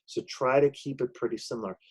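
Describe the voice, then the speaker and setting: A man's voice: mid-range voice, fast talker, slightly rough. Man teaching a lesson, checking in with "okay?". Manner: explanatory, many "okay?" check-ins and "um" fillers. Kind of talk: recorded online lesson with screen share.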